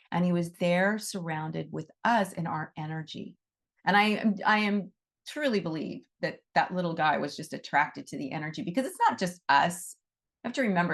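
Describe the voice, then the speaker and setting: A middle-aged woman teaching a talk on animal reiki to her students, effusive and animated, often repeating her phrases. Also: fairly low pitch.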